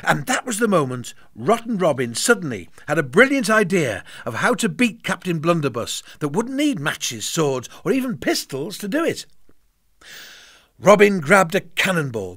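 A man reading a children's bedtime story aloud with an expressive, playful delivery. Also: on the high side, moderate pace, dry recording, clean studio sound.

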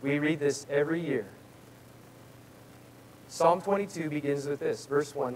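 Man preaching a lively sermon. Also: on the high side, unhurried, long pauses, a little hiss or hum, poor audio. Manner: conversational preaching, swelling louder on scripture. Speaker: pastor. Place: church sanctuary.

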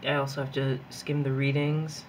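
Young woman, casual rambling planner chat, excitable, faint background noise. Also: extremely low pitch, moderate pace. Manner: rambling, chatty, giggly and easily excitable. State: hyped up on coffee. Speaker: planner vlogger; graduate student and teacher. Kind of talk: casual chat while journaling.

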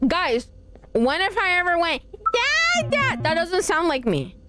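Playing a horror game on a live stream, a woman with a very high-pitched voice talks playfully to her chat. She sounds animated and speaks at normal speed.

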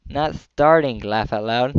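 Chatty young gaming host, dull lo-fi mic. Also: male voice, mid-range voice, slow, smooth, dry recording. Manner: rambling, chatty, giggly. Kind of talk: casual gameplay commentary.

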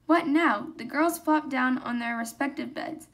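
Teen girl reading a children's chapter book aloud, high and even. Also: normal speed. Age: teens. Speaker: student reader.

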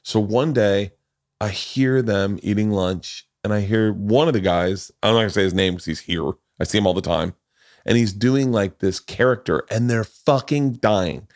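A man in his forties hosting a podcast, telling stories in a loud, animated and profane way. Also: lowish voice, moderate pace, no echo, clean studio sound. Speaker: podcast host. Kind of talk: casual storytelling chat.

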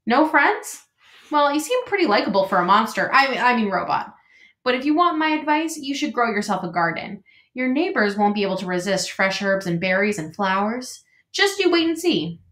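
Lady putting on a chirpy folksy beaver guy, higher and louder, eager to help, roomy echo. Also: sing-song, normal speed. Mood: chatty. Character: chatty friendly male beaver builder. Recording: echoey room.

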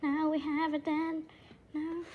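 A woman's voice: sits high, little pitch movement, slow, phone-quality sound, a little hiss or hum. A woman voicing a silly, childish talking axolotl that giggles and repeats words over and over in a playful comedy skit. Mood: giddy.

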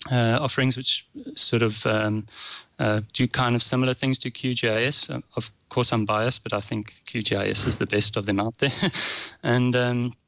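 South African man, halting and dry. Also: medium pitch, little pitch movement, vocal fry, fairly bright tone, no echo. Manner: hesitant, many fillers and restarts. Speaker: guest, open source developer. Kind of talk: podcast interview answers.

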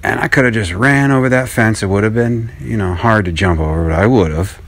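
A man's voice: on the low side, normal speed, fairly bright tone. A man hosting his own radio show, telling a story in a rambling, profane, self-mocking monologue.

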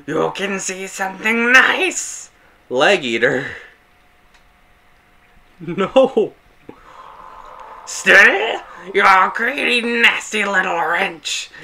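A man voicing a greedy male bug merchant in a video game, with shrill, wheedling cries. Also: big pitch swings, drawn-out words, gravelly, long pauses, pushed and bright, heavily acted. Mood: greedy, whining.

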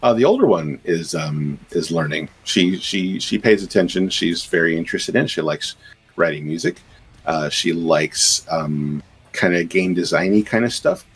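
A man's voice: low voice, moderate pace, husky. A man, a game composer and voice actor, chatting easygoingly and self-deprecatingly as a podcast guest. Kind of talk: casual interview chat.

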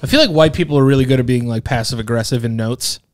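A man's voice: medium pitch, quick pace. A man co-hosting a casual podcast, laid-back and jokey, with frequent swearing. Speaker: podcast co-host.

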